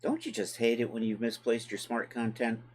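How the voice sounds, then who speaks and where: A man's voice: mid-range voice, normal speed. A man hosting a live tutorial stream, talking casually to his chat as he works through steps and thinks aloud. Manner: relaxed, chatty, talks to chat while working. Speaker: livestream host and 3D software tutor.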